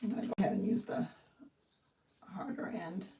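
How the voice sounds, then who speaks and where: A woman's voice: medium pitch, lively intonation, moderate pace, gravelly, distant mic, heavy background noise. A woman hosting a live card-making demonstration, chatting in a friendly, rambling way and thinking aloud as she works. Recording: echoey room, voice set back from the mic.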